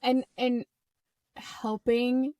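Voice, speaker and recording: A woman's voice: on the high side, little pitch movement, drawn-out words, no echo. Enthusiastic American woman podcast host. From United States. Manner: warm, enthusiastic, effusive. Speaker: podcast host and recovery coach. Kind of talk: casual podcast conversation.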